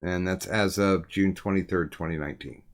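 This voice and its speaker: A man with a low voice hosting a relaxed live stream. He reads viewer messages aloud in an easygoing, conversational way, letting his voice drop off softly at the ends of thoughts. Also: normal speed. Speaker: stream host. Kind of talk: casual live-stream chat.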